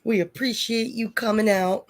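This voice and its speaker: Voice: mid-range voice, fairly even intonation, moderate pace, noisy background. Chatty host reading viewer comments. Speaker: livestream host reading chat. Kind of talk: casual livestream chat.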